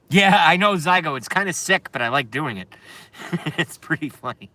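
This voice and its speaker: A man's voice: fairly high pitch, animated, normal speed, bright, forceful tone. A man hosting a casual live stream, ranting with a lot of swearing and talking straight to his chat viewers.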